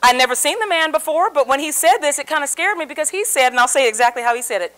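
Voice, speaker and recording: Her voice sits high and her pace is quick as she speaks to a live seminar audience. This communication speaker tells a lively story, performing the voices of those she quotes.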